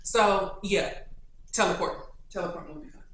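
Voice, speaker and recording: A woman with a Kentucky accent, answering viewer questions in a casual, animated, slangy chat. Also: on the low side, moderate pace. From Louisville, Kentucky. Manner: chatty and animated, with slangy asides. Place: indoors, sit-down video setup. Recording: very echoey room.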